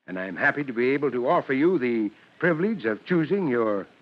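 Fatherly fire chief, measured and formal, in 1940s radio style, muffled old-broadcast sound. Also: medium pitch, sing-song. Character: kindly middle-aged male fire chief. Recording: dull old radio recording.

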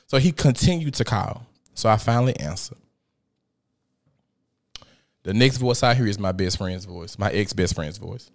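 A man's voice: fairly low pitch, expressive, moderate pace, creaky, pauses often. A man in his thirties hosting a podcast, telling a personal story in a candid, profane, emphatic way with dramatic swings in delivery. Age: 30s. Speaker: podcast host.

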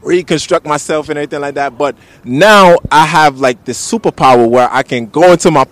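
Laid-back guest. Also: male voice, a little high, a little fast, no echo. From United States (Bronx), raised partly in Jamaica. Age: 30s. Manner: relaxed, laughs easily, peppered with "you know what I'm saying". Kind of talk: casual interview talk.

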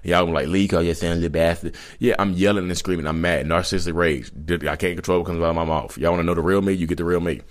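Brief: man in his thirties, very low voice, fast and rambling, blunt vlog confessional. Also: fairly even intonation. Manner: blunt, rambling, with self-corrections. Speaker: vlogger. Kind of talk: candid confessional monologue.

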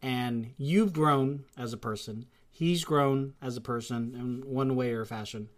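A speaker in casual chat who rambles and talks in an animated way, often acting out what others say. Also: medium pitch, unhurried. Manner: rambling, animated, acts out quotes.

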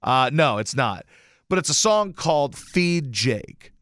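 A male radio host rambles through a personal story and pokes fun at himself, cursing now and then. His voice sits at a middle pitch. The studio sound is dry and close. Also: big pitch swings, takes it slowly, a bit bright, no room sound. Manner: rambling, self-deprecating, swearing. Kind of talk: casual storytelling monologue.

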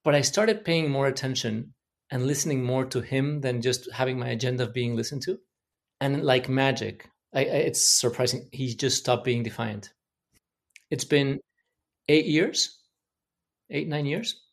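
A man's voice: mid-range voice, a little slow, gravelly. A man from Mexico, a podcast guest, telling candid, self-reflective stories about his own parenting. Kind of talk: reflective personal storytelling.

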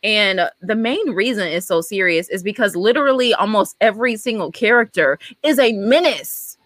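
A woman's voice: medium pitch, animated, normal speed, a bit bright, no room sound. Chatty enthusiastic female co-host, dry sound. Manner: enthusiastic, chatty, many fillers. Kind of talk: casual show review chat.

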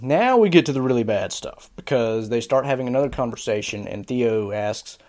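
A man hosting a podcast, giving casual spoken commentary on a series in an exasperated, sarcastic, animated way. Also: mid-range voice, brisk. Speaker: podcast host reviewing a series.

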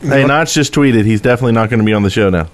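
A man's voice: medium pitch, racing. A man co-hosting a casual podcast, blunt and joking as he steers the talk.

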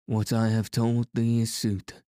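A man voicing a harsh-voiced male outlaw in disguise, speaking slowly and deliberately. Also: medium pitch, level tone, warm tone, no room sound, clean studio sound, close to an everyday voice. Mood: grim.

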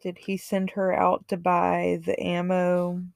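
A woman's voice: lowish voice, monotone, takes it slowly, vocal fry, darkish tone, no room sound, clean studio sound. A woman co-hosting a podcast, chatting casually with brief, wry comments. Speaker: podcast co-host.

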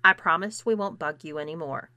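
A woman's voice: low-pitched, fairly quick, pushed and bright, no echo. A woman voicing a haughty, sneering teenage girl bully in a storybook reading, with a terse, scornful manner. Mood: subdued.

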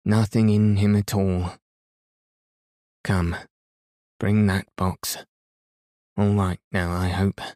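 A man reading the lines of a gruff, sour toy merchant in a curt, muttering way. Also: low voice, little pitch movement, slow pace, long pauses, darkish tone, no echo.

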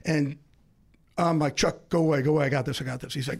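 Gravelly excitable man telling a story. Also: fairly high pitch. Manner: fast, excitable, acts out quoted voices. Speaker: guest, sports insider. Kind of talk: animated storytelling.

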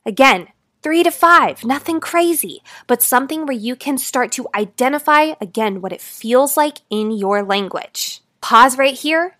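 A woman life coach talking straight to her listeners in a podcast monologue, swinging between fast, loud stretches and slow, quiet ones. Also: high voice, lively intonation, no room sound, clean studio sound.

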